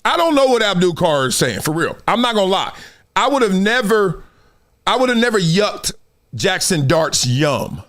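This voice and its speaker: A man's voice: high-pitched, big pitch swings, normal speed, fairly bright tone. A middle-aged man hosting a live sports talk stream, telling stories animatedly, laughing and acting out quotes. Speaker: host.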